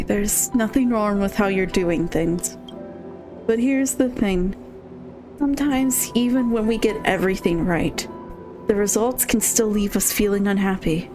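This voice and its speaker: A woman streamer reading a game's character lines aloud as she plays, with pleading emphasis and dry asides. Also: mid-range voice. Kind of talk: reading game dialogue aloud while playing. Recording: faint game music behind. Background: faint game music.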